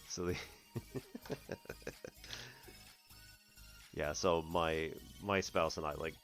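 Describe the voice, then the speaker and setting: A man from the US Northeast hosting a math stream, chatting casually, laughing often and clearing his throat. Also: low-pitched, a bit bright. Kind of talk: casual livestream chat.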